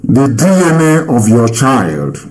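A man's voice: mid-range voice, big pitch swings, takes it slowly, darkish tone, poor audio. A man, hosting a live call-in Q&A and lecturing at length, repeating phrases and firing rhetorical questions. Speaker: host answering callers.

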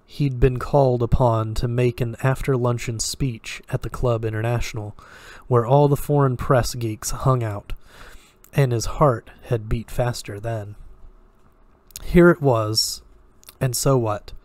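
A man reading a dark thriller story aloud in a steady, even storytelling manner. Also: mid-range voice, a little slow, dry recording. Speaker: story reader. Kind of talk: audiobook-style story reading.

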